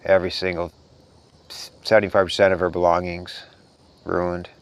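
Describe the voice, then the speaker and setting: Deep smooth-voiced man, earnest and rambling. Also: level tone, normal speed. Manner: earnest, rambling, soft-spoken. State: tired. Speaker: spiritual vlogger. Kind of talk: casual spiritual monologue.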